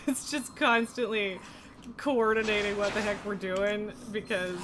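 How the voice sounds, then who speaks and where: Woman streamer, unhurried, dry tickly throat, clear hiss of noise behind her. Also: mid-range voice, fairly even intonation. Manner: self-mocking, chatty, laughs often. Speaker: live streamer. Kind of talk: casual live-stream chat while gaming.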